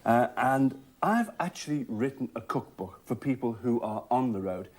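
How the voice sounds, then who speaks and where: A man's voice: medium pitch, lively intonation, normal speed, darkish tone. A man doing a sardonic stand-up comedy monologue, chuckling at his own jokes. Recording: noisy recording, laughter behind.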